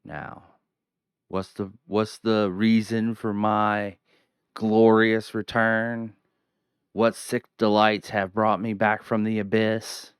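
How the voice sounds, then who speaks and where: A man's voice: fairly low pitch, flat delivery, slow, clear, resonant tone, no room sound, clean studio sound. A young man hosting a horror movie review from home, hamming it up as a spooky showman between rambling, casual asides. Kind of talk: theatrical solo video review. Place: home at night.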